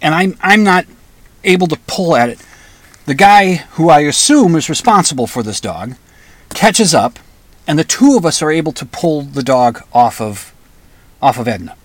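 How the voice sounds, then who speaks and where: Male storyteller, a touch high-pitched, close dry recording, chatty with loud outbursts. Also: expressive, a little slow, long pauses, dry recording. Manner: conversational, restarts, flares into loud angry outbursts. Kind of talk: personal storytelling monologue.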